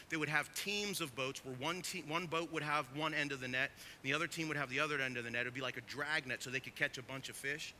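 A man preaching a sermon as pastor, emphatic, swinging from quiet asides to loud, urgent stresses. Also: fairly high pitch, slight background noise.

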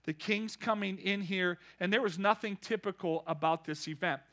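A man preaching a lively sermon, calling out to the congregation and building to shouts. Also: sits high, normal speed. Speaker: pastor.

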